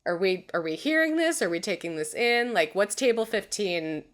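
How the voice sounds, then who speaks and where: A young adult woman co-hosting a podcast, recapping a TV episode with animated storytelling, quoting characters, laughing often and swearing casually. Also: mid-range voice, normal speed. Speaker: podcast co-host.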